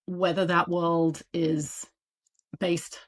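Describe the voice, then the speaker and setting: A woman with a British accent, an audiobook publisher talking casually and animatedly as an interview guest. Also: lowish voice. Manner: animated, chatty, quick asides with laughs.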